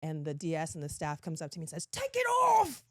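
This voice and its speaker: A woman in her thirties, a podcast guest telling stories in casual, lively chat with frequent laughs. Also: deep voice, rapid-fire, no echo, studio quality. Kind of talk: casual chat, animated storytelling.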